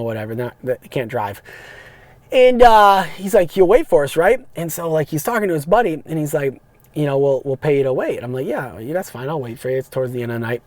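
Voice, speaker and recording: A man, hosting a podcast and telling rambling, animated stories about his rideshare driving. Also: medium pitch, no room sound. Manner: animated, rambling, frequent restarts and fillers. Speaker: podcast host, rideshare driver. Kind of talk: casual storytelling monologue. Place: parked car.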